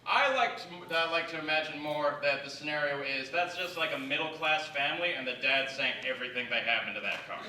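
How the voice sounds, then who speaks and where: A man from the Yukon performs self-deprecating stand-up on a theatre stage. His voice is very bright and a touch higher than most men's. The sound is echoey and a little distant, as if picked up across a big room. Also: fairly quick, hardly any pauses. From Yukon, Canada. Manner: conversational, self-deprecating, with acted quotes. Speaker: stand-up comedian. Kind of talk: stand-up comedy set.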